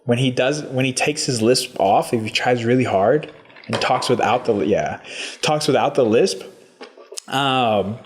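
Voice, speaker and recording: A relaxed male podcast host, talking in an easygoing, joking way and swearing freely. His voice sits at an ordinary middle pitch for a man. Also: unhurried, slight background noise. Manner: laid-back, swears casually, joking. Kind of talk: casual podcast chat.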